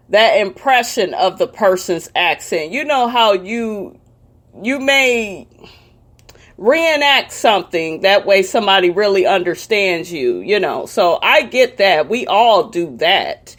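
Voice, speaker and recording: A woman giving a heated, profane commentary rant, sassy and blunt, cursing freely. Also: mid-range voice. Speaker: commentary vlogger.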